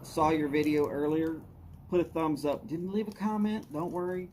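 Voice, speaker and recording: A man's voice: a little high, steady tone, moderate pace, darkish tone, slight background noise. A man, casually chatting with viewers on his live stream, greeting them by name in an easy drawl. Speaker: livestream host. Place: outdoors at his house.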